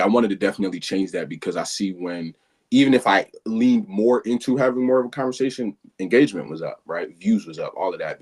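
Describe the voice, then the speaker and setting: A man's voice: low voice, slightly rough. A man in a casual conversation, earnest and agreeable, reflecting on his own habits. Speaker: guest being coached.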